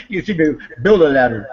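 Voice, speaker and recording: Animated high-voiced man, lo-fi call. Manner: animated, joking, laughs often. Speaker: artist on a video call. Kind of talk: casual chat. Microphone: video call.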